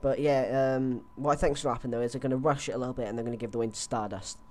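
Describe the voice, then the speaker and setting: A man's voice: medium pitch, fairly even intonation, racing, darkish tone. A young man on a headset, chatting loosely through his predictions with lots of fillers and restarts. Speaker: host. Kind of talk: casual wrestling predictions chat.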